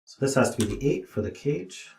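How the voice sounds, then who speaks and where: A man's voice: medium pitch, big pitch swings, fairly quick, creaky, a little mellow. A tired man streaming himself as he thinks aloud through a puzzle, muttering to himself with dry asides. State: tired, yawning. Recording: roomy echo.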